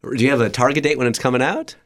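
A man hosting a radio interview, asking quick questions and joking with his guest. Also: medium pitch, fairly bright tone. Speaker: radio host.

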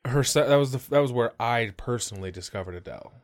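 A man's voice: mid-range voice, quick pace. An American man co-hosting a podcast, rambling in casual chat with lots of "you know" and casual swearing. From United States. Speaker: podcast co-host.

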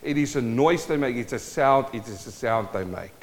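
Animated and mid-range, a male South African preacher delivers his sermon at a moderate pace. Long church reverb surrounds him as he playfully calls out to the congregation and keeps things interactive.

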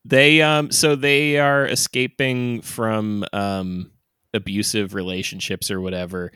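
A man's voice: on the low side, little pitch movement, unhurried, sharp tone, clean tone, dry recording, studio quality. A man co-hosting a podcast in casual chat, laughing often and talking loosely with lots of fillers. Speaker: podcast co-host.

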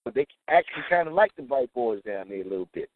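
A man's voice: medium pitch, sing-song, quick pace, a little hiss or hum. Laid-back New man on a phone line. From Trenton, New Jersey. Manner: laid-back, often adds "you know what I'm saying" and "man". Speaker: DJ, interview guest. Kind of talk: casual interview chat. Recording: tinny phone-like dry line.

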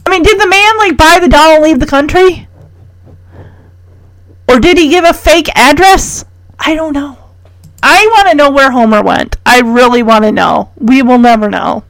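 Woman, high voice, casual chatty recap, incredulous questions, dry close sound. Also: normal speed, fairly bright tone, no room sound, low-quality recording. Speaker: podcast host recapping a sitcom episode.

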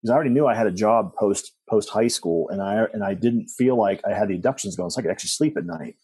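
A man's voice: lowish voice, quick pace, dark tone, breathy edge, no echo. A middle-aged man telling personal stories as a guest, rambling with restarts and asides. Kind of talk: personal storytelling in conversation.

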